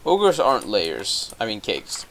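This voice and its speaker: A man's voice: lowish voice, wildly swooping pitch, a little slow, creaky, fairly bright tone, slight background noise, heavily acted. A young man quoting a chatty, nervous male donkey, rambling and whiny in his own voice.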